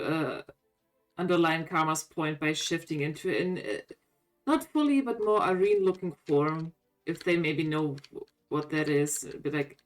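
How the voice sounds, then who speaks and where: Casual, wry woman player. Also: medium pitch. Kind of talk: in-character tabletop play.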